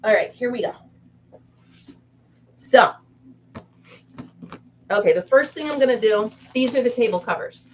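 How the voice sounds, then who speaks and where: A woman's voice: a little high, animated, measured pace, long pauses, lo-fi sound, slight background noise. A woman hosting a casual live chat with viewers from a room at home, giggly and self-mocking as she talks. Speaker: live-stream host.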